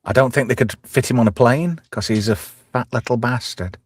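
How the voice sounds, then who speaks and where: A man's voice: mid-range voice, normal speed, no room sound. A man from England co-hosting a podcast, swearing and mocking people in crude, casual banter. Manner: swearing, mocking, puts on silly voices. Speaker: podcast co-host.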